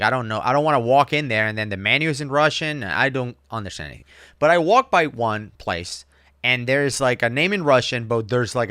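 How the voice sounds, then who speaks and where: A man's voice: mid-range voice, clear, resonant tone, no echo, clean studio sound. A man co-hosting a casual chat show, telling a story with jokes and exaggeration. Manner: animated storyteller, joking and exaggerated. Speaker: co-host.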